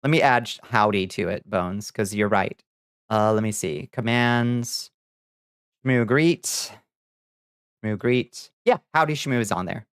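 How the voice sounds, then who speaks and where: A man's voice: lowish voice, takes it slowly, smooth, no room sound. Man, livestream chatter, giggly, casual swearing, dry close sound. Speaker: streamer.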